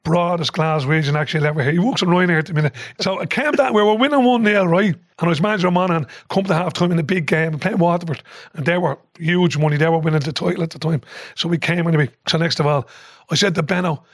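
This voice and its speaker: Guest: older Irish man, high-pitched and animated, sweary storyteller, dry close mic. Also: fast talker, no room sound. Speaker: podcast guest, former football manager. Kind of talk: casual storytelling chat.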